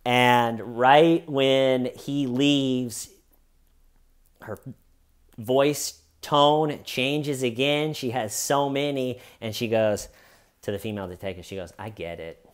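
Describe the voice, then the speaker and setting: A man walks through an interrogation in a casual, lively retelling. He keeps slipping into the voices of the people he quotes. His tone is smooth and clear at an ordinary pitch. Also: takes it slowly. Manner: animated storyteller, mimics the people he quotes. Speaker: true crime commentator.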